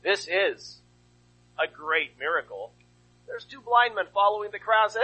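A man's voice: high voice, expressive, measured pace, bright, forceful tone, slightly rough, lo-fi sound. A male pastor preaching a sermon, asking rhetorical questions and retelling a story with animation.

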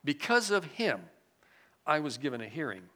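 A man delivering a sermon in a bright, somewhat high voice. He reads passages aloud and then comments on them. He moves between strong emphasis and quiet, dropped-down asides. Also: moderate pace. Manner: expressive, swings between loud emphasis and hushed asides. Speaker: preacher. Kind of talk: sermon with scripture reading.

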